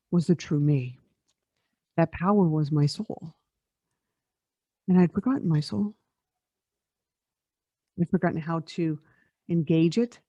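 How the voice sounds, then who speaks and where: A woman's voice: low voice, mellow, no echo. A woman in her forties, a podcast host and life coach, telling a personal spiritual story in a reflective way, often laughing and repeating words. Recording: dull lo-fi dry recording.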